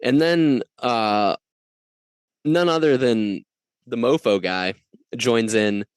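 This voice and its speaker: A man chatting on a podcast as the guest, animated and joking, throwing on mock-outraged voices. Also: mid-range voice, slow pace, clear, resonant tone, no room sound. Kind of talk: casual chat.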